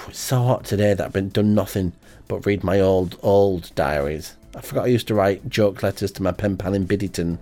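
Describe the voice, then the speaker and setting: A man hosting an amateur radio show in a rambling, hesitant, deadpan comic monologue full of ums. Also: low voice, normal speed, hardly any pauses, soft background music.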